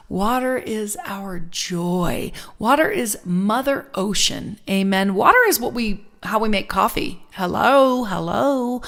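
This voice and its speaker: Slow heartfelt woman giving a spiritual talk. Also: medium pitch. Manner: heartfelt, emphatic, repeats phrases for the audience to join. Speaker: guest speaker and singer. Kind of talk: spiritual talk with sung affirmations.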